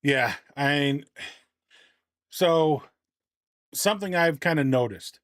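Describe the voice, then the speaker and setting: A man's voice: a little high, lively intonation, slow pace, pauses often, no room sound, clean studio sound. A man, chatting casually on a live stream, a little out of breath. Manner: chatty, talks softly to his dog. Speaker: game streamer.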